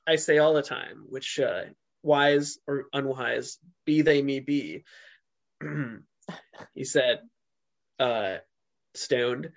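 A man's voice: mid-range voice, drawn-out words, gravelly, long pauses. A man co-hosting a podcast in a casual chat, rambling with lots of fillers and restarts. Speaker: podcast co-host. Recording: dull lo-fi sound.

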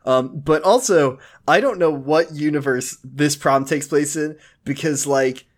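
A man's voice: on the high side, a little slow. A man with a slightly raised voice co-hosts a podcast in a loose, joking way. He talks casually and keeps the chat playful and light. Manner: playful, joking, bursts into silly voices and laughter. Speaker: podcast co-host. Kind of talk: casual comedic recap chat.

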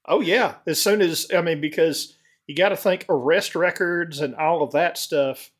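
A man's voice: on the high side, moderate pace, slightly rough. A man chatting casually on a podcast in a matter-of-fact way, with casual curses. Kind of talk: casual chat.

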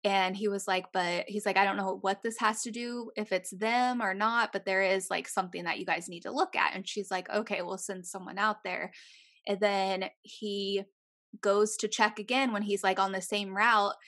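A young woman in casual chat, retelling a true-crime story with animated voices for the people in it and frequent swearing. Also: medium pitch, normal speed.

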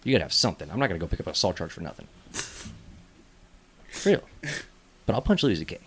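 A man in his thirties with a lowish voice hosts a casual comedy podcast in a studio. He rambles through animated stories and breaks into laughter often. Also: fast, slight background noise. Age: 30s. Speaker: podcast host.

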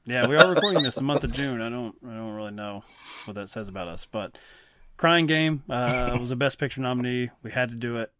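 A man's voice: mid-range voice, brisk, sharp tone, slight background noise. A man hosting a casual film podcast, teasing his co-hosts and laughing often. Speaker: podcast host.

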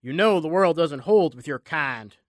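A man's voice: on the high side, lively intonation, moderate pace, no room sound, clean studio sound, lightly acted. A man doing a growling giant fighter. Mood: grim. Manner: growling, fierce.

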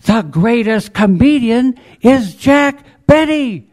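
A man voicing a quiet, soft-spoken female librarian in a poem he performs. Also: very high voice, expressive, slow, pitched above the performer's own voice, exaggerated voice. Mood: hushed. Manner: hushed, gentle.

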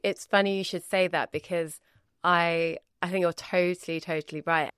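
A woman's voice: fairly low pitch, fairly even intonation, moderate pace, fairly bright tone, clean tone, no room sound, clean studio sound. A woman from Britain, a guest on a film podcast, talking chattily and laughing easily. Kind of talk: casual film discussion.

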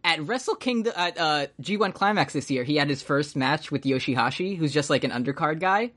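A man co-hosting a podcast in casual chat, telling stories in an animated way and swearing often. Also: a little high, a little fast. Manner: animated storyteller, swears a lot. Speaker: podcast co-host.

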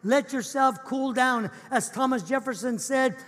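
High-voiced man preaching, echoey hall. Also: unhurried, few pauses, a bit bright. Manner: earnest, emphatic, repetitive. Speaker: pastor. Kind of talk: sermon.

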